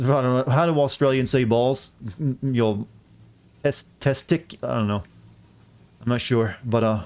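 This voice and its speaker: Guy rambling on stream, mid-pitched voice, lots of you-knows and restarts, jokes at his own expense. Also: fairly quick, darkish tone. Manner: rambling, self-deprecating joker with many fillers and restarts. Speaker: game streamer. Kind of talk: casual live-stream chat while playing.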